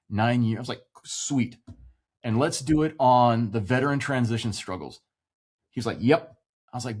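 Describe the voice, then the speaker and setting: A man's voice: medium pitch, slightly rough. A man in his forties, a military veteran, animatedly telling a personal story in casual podcast chat, swearing freely and acting out quoted voices. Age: 40s.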